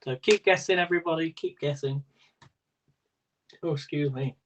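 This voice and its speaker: A man's voice: on the high side, moderate pace, slight background noise, poor audio. A man hosting a live-stream quiz in a casual, rambling way, laughing often as he talks. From Britain. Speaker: quiz host.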